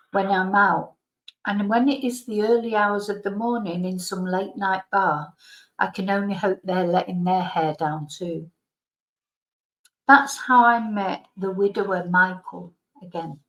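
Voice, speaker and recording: A woman reading her own memoir aloud as a bedtime story, calm and frank with dry self-deprecating humour. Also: mid-range voice, roomy sound, poor audio. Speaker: YouTube storyteller and Spanish teacher.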